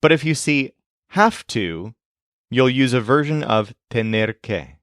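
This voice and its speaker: A man teaching a language lesson, explaining grammar in a clear, scripted way and giving English sentences to translate. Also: medium pitch, expressive, a bit bright, dry recording, clean studio sound. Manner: slow, clear explanatory delivery.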